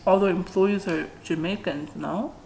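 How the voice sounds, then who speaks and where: A woman's voice: on the low side, unhurried, gravelly, darkish tone, slight background noise. A middle-aged woman vlogger chatting casually while she eats on camera, often humming "mm" between bites. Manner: chatty, frequent mm sounds while eating. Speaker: mukbang vlogger. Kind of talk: casual eating vlog chat. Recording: roomy echo.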